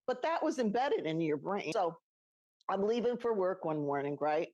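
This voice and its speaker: A woman's voice: on the low side, big pitch swings, moderate pace, a little mellow, no echo, dull audio. A middle-aged woman co-hosting a podcast, telling personal stories in a chatty way, laughing as she goes and acting out the voices she quotes. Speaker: podcast co-host. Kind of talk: casual storytelling chat.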